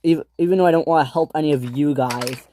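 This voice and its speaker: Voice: medium pitch, quick pace, noisy background, close to an everyday voice. A narrator voicing a grumpy, scheming male diesel engine who speaks grudgingly. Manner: grudging and sulky.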